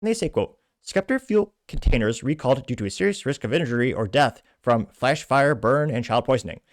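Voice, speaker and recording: Fast-talking man hosting a commentary show. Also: medium pitch, lively intonation, dry recording, studio quality. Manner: brisk, scornful commentary between read-out quotes. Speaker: podcast host. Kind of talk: reading out and commenting on social media posts.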